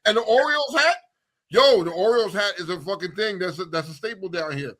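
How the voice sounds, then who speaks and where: A man from New York City co-hosting a radio talk show, bantering in an animated, slangy way and cutting in to tease his co-host. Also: sits high, fairly quick. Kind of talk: casual banter.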